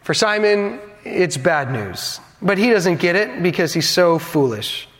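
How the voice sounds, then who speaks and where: A man with a fairly high voice preaches from the pulpit, building with dramatic pauses and dropping in playful asides to the congregation. The sound has a long reverb from a large church hall. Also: lively intonation, fairly bright tone. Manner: dynamic preaching, dramatic pauses, acts out quotes. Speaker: pastor. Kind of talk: sermon.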